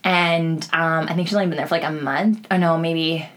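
A woman's voice: sits low, steady tone, normal speed, fairly bright tone. A young woman co-hosting a podcast, telling stories in a casual, chatty way, full of "like" fillers and swearing. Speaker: podcast co-host. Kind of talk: casual chat.

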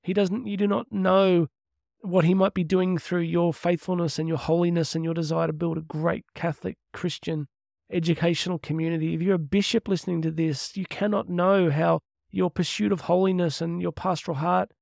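Talking a little fast in a high-sitting, creaky, darkish voice with a level tone, a middle-aged Catholic speaker and podcast host offers a casual, heartfelt monologue. He's earnest and chatty, with laughs and asides, on a dry, clean studio recording.

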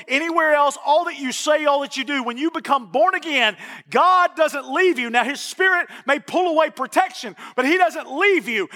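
A man preaching a sermon in a church with passion, repeating phrases for emphasis and rising to shouts at the peaks. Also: very high-pitched. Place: church sanctuary. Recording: long reverb of a church hall.

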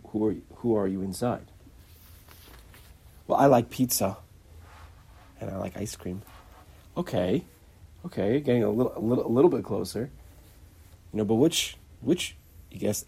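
A man giving an informal religious lecture in a halting way, often repeating words and acting out little dialogues. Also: lowish voice, dark tone, slightly rough. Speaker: religious teacher.

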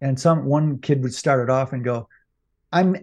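A man's voice: mid-range voice, fairly even intonation, moderate pace. A man co-hosting a podcast, talking casually with many fillers and restarts. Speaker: podcast co-host.

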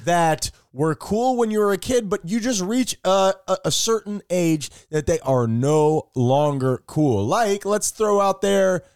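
A man's voice: high-pitched, expressive, unhurried, few pauses, a little mellow, clean tone, no room sound, clean studio sound. A man co-hosting a comedic chat show with his brother, joking and playful. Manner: jokey, playful sung intro. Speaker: podcast co-host.

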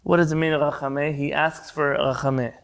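Man teaching Talmud on a video call, high voice, gravelly, quizzes his students. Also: little pitch movement, a little fast. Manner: explains Hebrew terms, quizzes the class, jumps around. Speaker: Torah teacher. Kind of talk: online Talmud class.

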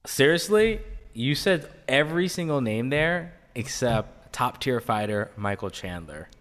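A man's voice: mid-range voice, big pitch swings, a little slow, a bit bright, big-room sound. A man hosting a casual podcast, playful and teasing, laughing often. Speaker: podcast host.

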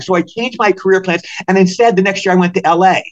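An older man from Maryland, a podcast guest telling animated anecdotes and acting out the voices of people in them. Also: sits high, very fast, hardly any pauses, low-quality recording. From Maryland, USA. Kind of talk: storytelling in a podcast interview.

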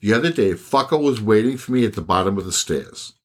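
Husky older man telling animated stories. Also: lowish voice, a little fast. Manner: animated storytelling, swearing and laughing. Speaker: podcast host. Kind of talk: casual chat.

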